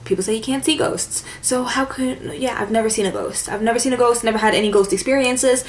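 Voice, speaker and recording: A woman's voice: on the high side, a little fast, slight background noise. Chatty valley-girl woman in an echoey room. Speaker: beauty vlogger. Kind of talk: casual chat to camera. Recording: echoey room with faint ambience.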